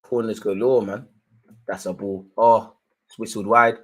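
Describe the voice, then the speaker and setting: A young man hosting a live football watchalong, giving slangy running commentary and shouting at the referee in bursts. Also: lowish voice, steady tone, unhurried. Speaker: live match watchalong host.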